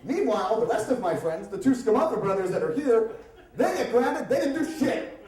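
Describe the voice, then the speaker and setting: High-voiced man telling a story in an echoey hall. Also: moderate pace. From Upper Darby, Pennsylvania area. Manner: animated, comic, profane, conversational. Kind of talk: live story slam telling. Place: stage at a live storytelling event. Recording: echoey room, voice from far off.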